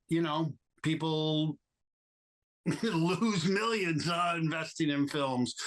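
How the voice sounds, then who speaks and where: A man being interviewed as a guest, telling stories with lively quoted voices and many fillers. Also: low-quality recording. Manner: animated anecdotes, acts out quoted people with jumps in pitch; many fillers and restarts, reflective. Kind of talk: storytelling interview.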